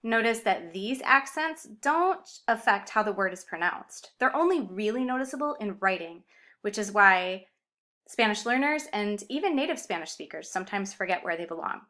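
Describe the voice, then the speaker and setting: Bright-voiced woman teaching a lesson. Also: medium pitch, animated, moderate pace. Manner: clear, upbeat explaining with Spanish example words. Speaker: Spanish teacher. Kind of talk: explanatory video lesson.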